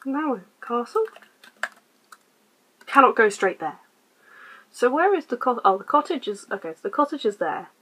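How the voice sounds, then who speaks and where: A woman hosting a casual let's-play, quietly reading game text aloud and muttering her choices. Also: a little high, big pitch swings, normal speed, pauses often, husky, poor audio. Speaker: gaming channel host.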